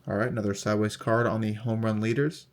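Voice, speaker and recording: Relaxed low-voiced man reading off cards. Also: quick pace. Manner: relaxed, reads off player names in a steady list. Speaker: card collector unboxing host. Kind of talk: casual unboxing commentary.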